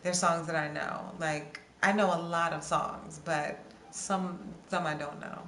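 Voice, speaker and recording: A young woman hosts a casual livestream in a lowish, fairly bright voice with fairly even intonation and a measured pace. Chatty and scattered, she reads viewers' comments and answers song requests with snippets of singing, in a roomy space with faint ambient noise.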